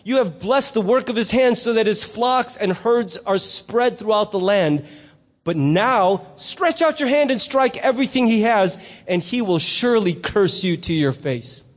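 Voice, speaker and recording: A man's voice: sits high, expressive, measured pace. A man voicing Satan, scoffing and dismissive. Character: scoffing cynical Satan, male adversary. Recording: long reverb in a hall.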